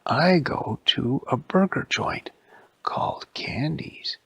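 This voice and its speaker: A man's voice: mid-range voice, animated, slow, vocal fry, sharp tone, pitched above the performer's own voice, heavily acted. A man voicing a chatty, self-assured robot cat, trailing into a whisper.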